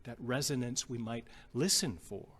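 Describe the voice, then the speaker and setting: A male pastor from the Upper Midwest, telling a story in a sermon in a gentle, halting way and repeating phrases. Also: mid-range voice, husky. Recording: long reverb with guitar music behind.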